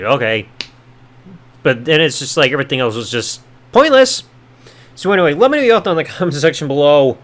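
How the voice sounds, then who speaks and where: Sarcastic, lively-voiced male podcast host. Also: a little high, fairly quick. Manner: sarcastic and offhand, with casual swearing. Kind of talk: casual recap commentary.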